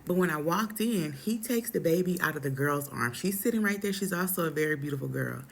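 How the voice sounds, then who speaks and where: A young adult woman telling a personal story in a casual, animated, dramatic way, full of slang. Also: sits low, fairly quick, vocal fry.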